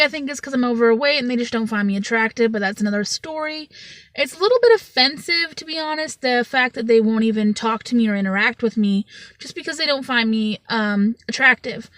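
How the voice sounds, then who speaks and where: A loud, chatty woman in her late twenties tells a story to camera with plenty of energy. Her voice sits high, and the sound is close and dry with no room around it. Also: no room sound. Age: 20s. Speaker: vlogger. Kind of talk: storytime vlog.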